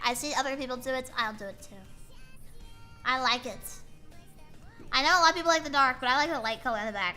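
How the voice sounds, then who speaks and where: Young woman streamer, high, very bright voice, rambling self-mocking chat, soft music behind. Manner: rambling, playful, self-mocking, with frequent fillers. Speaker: VTuber streamer. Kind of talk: casual chat while drawing on stream.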